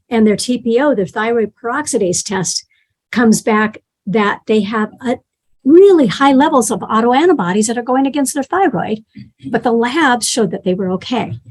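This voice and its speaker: A woman's voice: a little high, slightly rough. A middle-aged woman teaching a health class in a conversational way, checking in with her listeners and telling patient stories. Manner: conversational, tells patient stories, acts out quotes.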